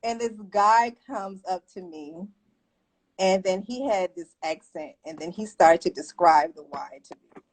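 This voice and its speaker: A woman interview guest recounting her story in a relaxed, conversational way. She laughs easily and her voice jumps up when she acts out what she was thinking. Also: fairly low pitch, a little slow, rough recording. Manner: animated, laughs often, lively quoted asides. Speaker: guest, entrepreneur.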